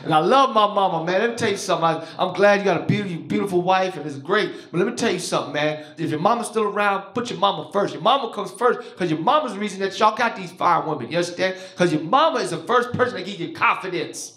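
A man's voice: high-pitched, fast, few pauses. Een man van in de dertig staat op het podium van een comedyclub en vertelt luid en levendig zijn verhalen terwijl hij met het publiek praat. Zijn stem ligt vrij hoog voor een man. De opname klinkt galmend, zoals live in een zaal. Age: 30s. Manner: loud, animated storytelling with crowd work. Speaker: stand-up comedian. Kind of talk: stand-up comedy set. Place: comedy club stage. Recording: roomy live club sound. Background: audience laughter.

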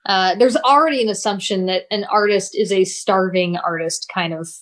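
A woman's voice: medium pitch, normal speed. A woman artist and teacher, a guest in an interview, talking thoughtfully with frequent laughs. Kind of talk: casual interview chat.

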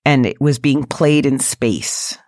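A woman's voice: rumbling low, slow, a little mellow, dry recording, studio quality. A woman co-hosting a podcast in casual chat, laughing and self-deprecating. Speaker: podcast co-host.

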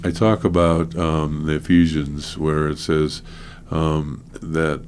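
A man talking earnestly in a casual conversation about teaching and counseling, halting with many fillers. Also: very deep voice, flat delivery, darkish tone, a little hiss or hum.

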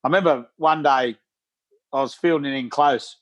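A man co-hosting a podcast in casual chat, telling stories in a lively, emphatic way. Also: mid-range voice, normal speed. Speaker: podcast co-host.

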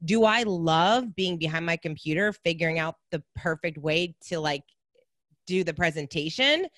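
Chatty, animated woman podcast guest. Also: on the low side, moderate pace, no echo, clean studio sound. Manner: animated, acts out her own thoughts in quoted voices. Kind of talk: casual conversation.

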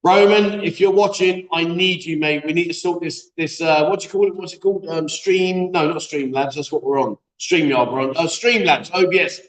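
A man's voice: on the high side, normal speed, few pauses. A man hosting a live-stream chat show, bantering and reading viewer comments aloud in a jokey, chatty way. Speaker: host. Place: echoey room being set up as a studio. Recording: echoey room.

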